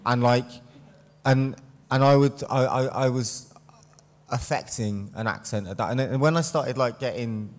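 A man's voice: mid-range voice, unhurried, in a large hall. A man with a Wiltshire accent tinged by London, speaking in a rambling way with many fillers as a panelist in a discussion. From Wiltshire, England.

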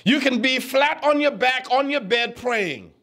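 A man's voice: very high-pitched, expressive, unhurried, pushed and bright. A man pastor giving a conversational teaching sermon, telling stories, repeating words and quizzing the congregation.

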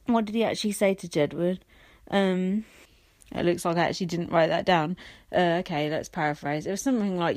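A woman's voice: medium pitch, no echo. A young woman talks through a reality show on her own, blunt and sarcastic, swearing freely. Her voice sits in a middle range and is recorded close in a very dry space. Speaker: reality TV commentator. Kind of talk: casual solo recap chat.

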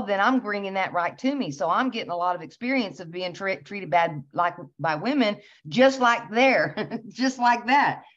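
A woman host telling a personal story in a casual, animated way, laughing as she recounts it. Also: fairly low pitch. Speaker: channel host. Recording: slightly dull lo-fi recording.

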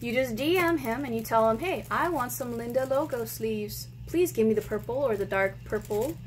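Woman gushing thru a game unboxing, kinda high voice, faint hiss behind her. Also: moderate pace, rough recording. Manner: excitable, gushing, often squealing and laughing. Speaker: gaming channel host. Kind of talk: casual unboxing vlog.

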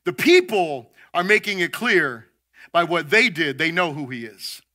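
A man's voice: very animated, unhurried. A man preaching a sermon, emphatic, stumbling over repeated words as he builds each point. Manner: voices quoted figures louder and higher. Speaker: pastor.

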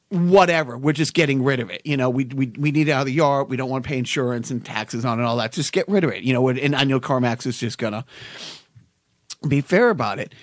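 A man co-hosting a podcast in casual chat, telling stories with lots of restarts and animated bursts. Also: medium pitch, dry recording, studio quality. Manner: rambling storyteller, many restarts, animated. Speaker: podcast co-host.

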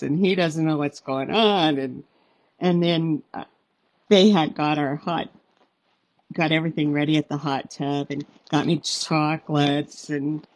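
A woman's voice: deep voice, no room sound. A woman guest author on a podcast, telling heartfelt personal stories and acting out what family members said. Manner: warm, heartfelt storytelling with quoted dialogue. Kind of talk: podcast interview storytelling.

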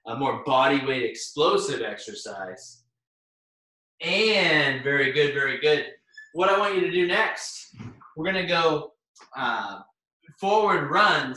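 Winded, upbeat fitness instructor, echoey room. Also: male voice, on the high side, bright, forceful tone. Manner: upbeat, cheering on participants by name while exercising. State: out of breath. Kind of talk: live online workout class coaching. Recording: very echoey room, far from the mic.

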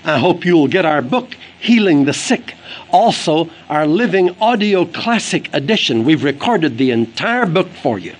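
Husky-voiced man preaching with lively emphasis. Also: a little high, unhurried, rough recording. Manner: earnest, emphatic preaching that quotes scripture. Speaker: evangelist preacher. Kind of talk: recorded sermon read for an audio book.

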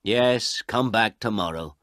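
Brusque storybook clerk, voiced by a male reader, low and dismissive, dry sound. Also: slow pace, a bit bright, no echo. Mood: curt. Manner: curt and dismissive. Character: curt male government official.

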